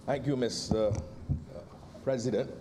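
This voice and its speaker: A man with a Barbadian accent, a senator giving a measured parliamentary speech in the senate chamber that builds to emphatic points. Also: medium pitch, steady tone, background noise.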